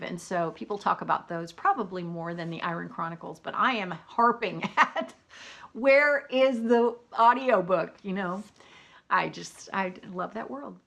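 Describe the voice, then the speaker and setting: A woman's voice: medium pitch, pushed and bright. Chatty woman, book vlogger, exclamatory and easily amused. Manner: chatty and exclamatory, laughs often. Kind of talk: casual chat.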